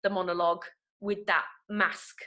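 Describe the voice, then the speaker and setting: A woman's voice: lowish voice, level tone, normal speed, pushed and bright. A young woman from England with a Nottingham accent, teaching an online acting workshop in a chatty way, with many ums and restarts. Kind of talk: online webinar talk. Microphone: video call.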